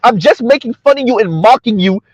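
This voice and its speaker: A man's voice: very high-pitched, lively intonation, a little fast, a little mellow, dry recording, rough recording. A man putting on a mocking voice of a whiny, falsely frightened well-off woman. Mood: mock scared.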